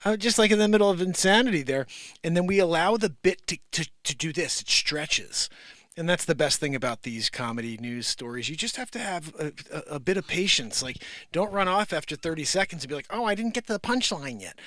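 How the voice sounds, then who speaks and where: A man's voice: on the high side, brisk, a bit bright, dry recording, clean studio sound. A man hosting a comedy news show, rambling animatedly and laughing at his own bits. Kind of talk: casual comedic commentary.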